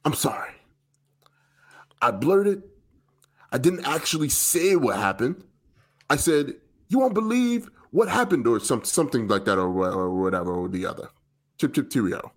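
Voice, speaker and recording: A man's voice: medium pitch, big pitch swings, normal speed, long pauses, slightly rough. A man putting on an exaggerated, wobbly British accent to read a quote aloud for comic effect, throwing in stock British words. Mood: hammy. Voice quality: wobbly accent drifting toward New York. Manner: hammy, playful, throws in "cheerio" and "oi". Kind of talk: comic read of a quote on a sports radio show.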